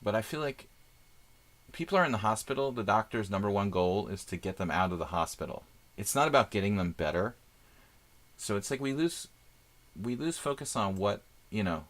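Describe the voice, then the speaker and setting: A man's voice: fairly low pitch, fairly bright tone. A middle-aged man streaming chess, chatting casually and thinking aloud about his moves with lots of fillers. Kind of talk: casual live-stream chat while playing.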